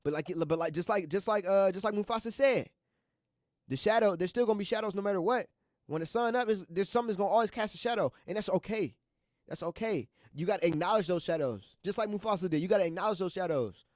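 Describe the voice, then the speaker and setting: A young college student hosting a radio show, talking casually and earnestly, rambling and repeating himself with slang. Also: male voice, sits high, fast, darkish tone, dry recording, clean studio sound. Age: young adult. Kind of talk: casual motivational monologue.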